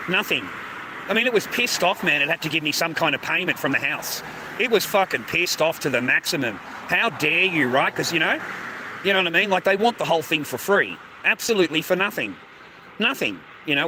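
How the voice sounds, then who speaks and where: A man's voice: fairly high pitch, noisy background. An older man ranting to camera in an aggrieved, profane, repetitive way, addressing viewers as mates and brothers. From Australia. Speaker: vlogger. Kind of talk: casual rant to camera.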